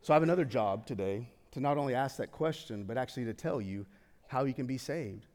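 A young man preaching a sermon in a casual, conversational way, swinging from excited to hushed and solemn. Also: medium pitch, quick pace. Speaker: pastor.

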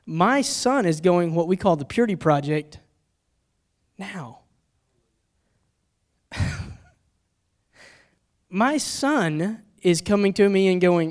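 A middle-aged man preaching a sermon, telling personal stories and moving between hushed, confessional moments and loud, urgent ones. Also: high voice, lively intonation, takes it slowly, pauses often.

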